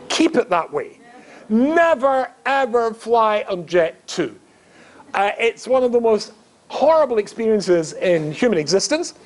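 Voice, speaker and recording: A middle-aged man from Scotland, a rabbi giving a humorous storytelling lecture, chatty and joking with asides to the audience. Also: sits high. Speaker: rabbi and guest speaker.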